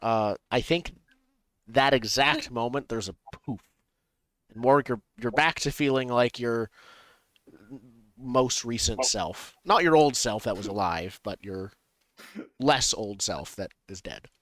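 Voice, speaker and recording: A man narrating as game master for a superhero tabletop game, pausing often with ums and restarts. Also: medium pitch, a bit bright, no room sound. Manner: halting, many ums and restarts.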